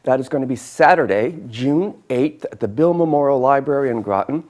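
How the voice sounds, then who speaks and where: A man hosts a homey local cooking show. He talks in a chatty, enthusiastic way while demonstrating a dish, and keeps talking even while chewing. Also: mid-range voice, fairly quick. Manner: chatty, enthusiastic, eats and talks with mouth full.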